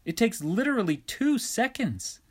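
A man's voice: extremely high pitch, very animated, normal speed, breathy edge, pitched above the performer's own voice, full character voice. A man voicing an exasperated male prophet who keeps getting cut off while trying to explain himself, pleading and flustered.

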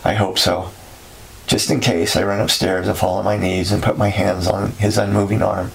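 A man narrating a story in a steady, somber way. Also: low-pitched, moderate pace, creaky, a little hiss or hum, rough recording.

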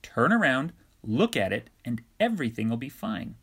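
A man's voice: medium pitch, very animated, moderate pace, a bit bright, breathy edge. A man voicing an exasperated male prophet who keeps getting cut off while trying to explain himself, pleading and flustered.

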